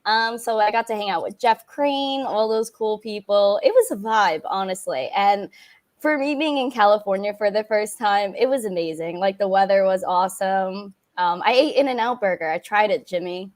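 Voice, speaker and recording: A woman's voice: mid-range voice, normal speed. A young woman with a New York accent, a guest in casual chat, bubbly and giggly with lots of "like".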